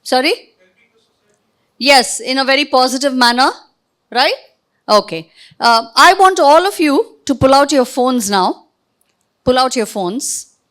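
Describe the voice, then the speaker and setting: High-voiced woman leading a workshop. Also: animated, a bit bright. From India. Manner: directive, quizzing the audience with quick questions. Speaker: workshop trainer. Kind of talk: interactive training session. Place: training room with a live audience. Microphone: podium microphone.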